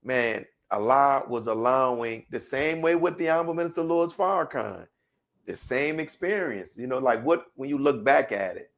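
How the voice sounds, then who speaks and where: A man's voice: medium pitch, lively intonation, moderate pace. A man hosting a faith interview, asking questions in a loose conversational way with restarts. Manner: conversational, searching for words. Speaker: host.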